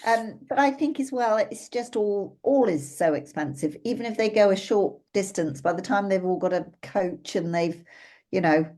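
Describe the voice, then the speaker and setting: A woman's voice: mid-range voice, moderate pace, warm tone. A middle-aged woman co-hosting a casual podcast chat, talking with hesitant fillers. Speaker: podcast co-host.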